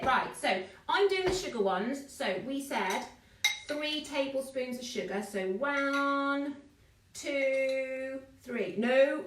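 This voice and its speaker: A woman running a live online baking class, chatting and greeting viewers by name as she mixes. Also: a little high. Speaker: baking teacher. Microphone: phone. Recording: echoey room, distant mic.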